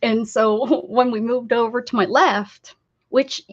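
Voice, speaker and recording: A woman's voice: a little high, fairly even intonation, takes it slowly. A woman with an American accent chatting casually on an art live stream, rambling, laughing and answering viewer comments. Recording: slightly dull lo-fi stream audio.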